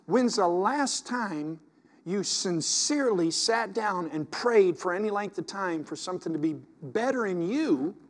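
A male pastor with a fairly high voice delivers an impassioned sermon. He drops to hushed, confiding asides, then rises to loud, urgent exhortation.

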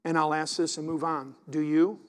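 Male pastor, middle-aged, high voice, conversational sermon delivery with rhetorical questions and quiet asides. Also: flat delivery, moderate pace.

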